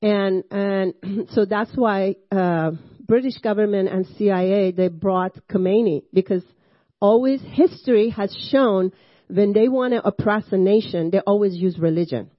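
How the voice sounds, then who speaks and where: A woman's voice: mid-range voice, a little slow, no room sound. A woman in her sixties with a Persian accent gives her testimony to a church congregation. She talks in a loose, conversational way, often restarting her sentences and adding short laughing asides. The sound is dry and a little dull. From Iran. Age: 60s. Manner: conversational with frequent fillers and self-interruptions, laughing asides. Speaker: guest speaker at a church service. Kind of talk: personal testimony sermon.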